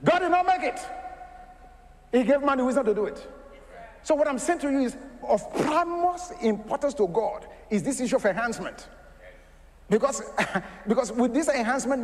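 Man, preacher, sermon, high voice, rhetorical questions, long hall reverb. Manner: animated, laughing asides, rhetorical questions to the congregation.

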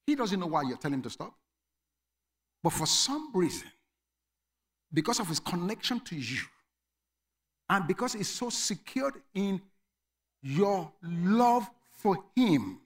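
A man preaching a sermon as pastor, emphatic, dropping to quiet asides and rising to shouted commands. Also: sits high, sing-song, a little slow, pauses often.

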